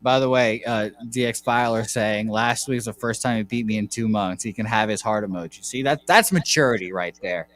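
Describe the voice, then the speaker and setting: A man's voice: fairly low pitch, moderate pace, few pauses, fairly bright tone. A man hosting a casual sports betting show, rambling and correcting himself as he reels off baseball stats. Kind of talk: casual podcast chat.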